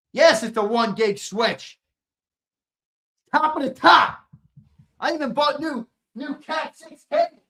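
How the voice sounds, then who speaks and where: A man's voice: very high voice, unhurried, pauses often. A man hosting a sports talk show, chatting casually with viewers, cursing often and joking as he reacts to comments. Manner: profane, excitable ranting with sudden loud outbursts; jokey banter, reacting to comments and laughing. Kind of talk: casual livestream chat with viewers.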